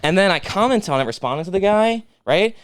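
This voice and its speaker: A man co-hosting a casual comedy podcast, ranting fast and profanely in mock anger. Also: high voice, lively intonation, smooth, no echo. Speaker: podcast co-host.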